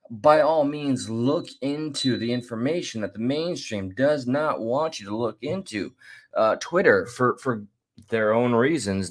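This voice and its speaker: A man casually commenting while reacting to a clip, chatty and rambling, with restarts. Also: fairly low pitch. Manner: chatty, laughs and restarts, drawn-out asides. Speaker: commentary host.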